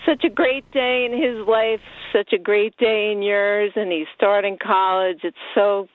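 A middle-aged woman calling in to a radio show, warm and emotional, laughing often. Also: mid-range voice, steady tone, a little slow, dry recording. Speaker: caller. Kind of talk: phone call-in chat. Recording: tinny phone line, dry.

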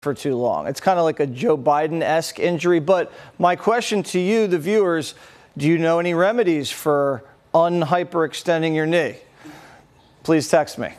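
A man's voice: on the high side, moderate pace. A man hosting a talk show, reading viewer messages aloud with wry jokes and frequent laughter. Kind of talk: comedic talk show banter.

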